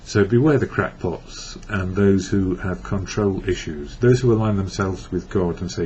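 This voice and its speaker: A man's voice: low voice, moderate pace, few pauses, a little mellow. A man from England giving a reflective personal monologue about recovery, rambling and correcting himself as he goes. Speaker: recovery blogger. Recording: dull lo-fi with faint hiss.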